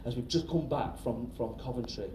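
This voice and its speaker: A middle-aged stand-up comedian tells a story on stage in a chatty, animated way, swearing freely and often checking in with the crowd. His voice is medium-pitched at a normal speed, captured from a distance in a roomy live venue with audience laughter and crowd noise.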